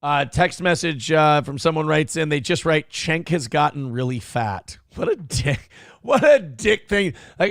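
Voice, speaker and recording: A man hosts a reaction show, his gravelly voice swinging lively up and down as he mocks what he hears. He is sarcastic and swears freely. The sound is dry and close. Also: fairly high pitch, a little slow, no echo. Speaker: show host. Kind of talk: profane reaction commentary.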